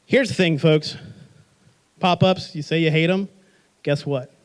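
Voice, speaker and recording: High-voiced, lively male workshop presenter. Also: unhurried, clean tone. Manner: energetic, joking, quizzes the audience with rhetorical questions. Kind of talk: live presentation to an audience.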